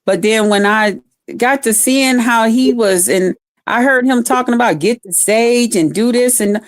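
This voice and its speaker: Brief: woman guest, earnest and emphatic, slightly high voice, dry close sound. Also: unhurried, no echo. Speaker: guest caller. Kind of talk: casual chat.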